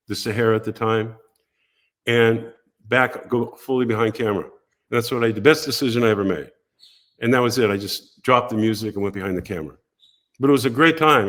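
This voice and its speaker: An older man, a podcast guest, telling animated stories from his career and briefly acting out other people's voices. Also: mid-range voice. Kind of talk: casual storytelling interview.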